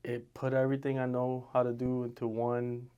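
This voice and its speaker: A man's voice: mid-range voice, completely flat delivery, moderate pace, dark tone, clean tone, muffled recording. A man in his twenties from the Dominican Republic, co-hosting a casual podcast in a laid-back, joking way. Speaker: podcast co-host, realtor. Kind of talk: casual chat.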